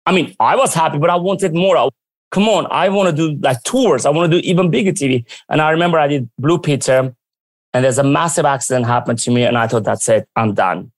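A man telling stories from his working life in a lively, animated way, often acting out what others said. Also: fairly high pitch, quick pace, no echo. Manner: lively, acts out quoted dialogue. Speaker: guest. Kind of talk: casual storytelling.

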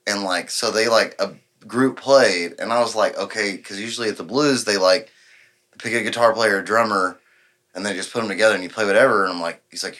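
Bright-voiced rambling storyteller, a man. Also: lowish voice, a little fast. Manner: rambling, acts out quoted dialogue, laughs often. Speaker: podcast guest. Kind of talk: casual storytelling.

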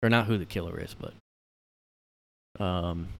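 A man with a fairly low voice hosts a solo podcast from his room. He rambles in a casual, sarcastic way, piling on fillers and the occasional swear. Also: a little slow, vocal fry, slight background noise. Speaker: podcast host.

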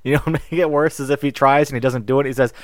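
A man with a mid-range voice co-hosting a tabletop gaming podcast, tossing in quick jokes and laughing often. His voice is close and dry on a podcast microphone. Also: mid-range voice, steady tone, no echo. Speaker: podcast co-host. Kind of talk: casual chat and read sponsor spots.

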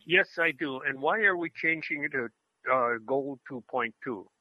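A man co-hosting a casual podcast, talking in a calm, plain-spoken way with halting restarts. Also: medium pitch, no echo, dull audio. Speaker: podcast co-host.

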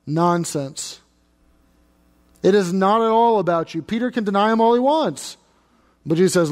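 A man's voice: high-pitched, lively intonation, a little slow, pauses often, darkish tone, long reverb tail. A man preaching a sermon as pastor, conversational and emphatic, repeating phrases for stress.

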